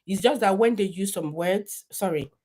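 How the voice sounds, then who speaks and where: A woman's voice: mid-range voice, normal speed, mellow, breathy edge. A Nigerian woman chatting casually to her viewers on a live stream, rambling and laughing often.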